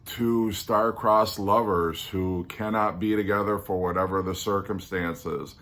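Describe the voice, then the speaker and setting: A man's voice: low-pitched, steady tone, unhurried, fairly bright tone. A man hosting his own podcast, talking through a countdown list in a musing, hesitant, earnest way full of ums and restarts. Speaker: podcast host. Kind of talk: casual solo podcast countdown.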